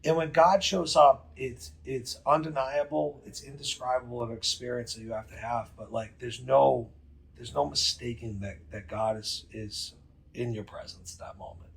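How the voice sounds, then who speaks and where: A man, telling a story as a podcast guest in a profane, emphatic, rapid way. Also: medium pitch, fairly even intonation, vocal fry, a little hiss or hum. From New England. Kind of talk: casual storytelling.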